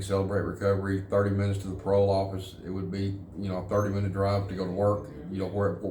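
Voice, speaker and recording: Low, flat male voice, halting earnest testimony, echoey room. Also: slight background noise. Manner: halting and earnest, repeats words. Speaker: interviewee, former prisoner in a recovery program. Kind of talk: personal testimony.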